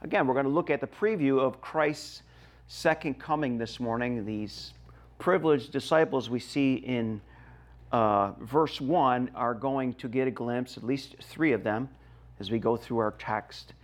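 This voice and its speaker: A man's voice: mid-range voice, a little slow. Emphatic middle-aged male pastor preaching. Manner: emphatic preaching with wide swings in loudness. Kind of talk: sermon.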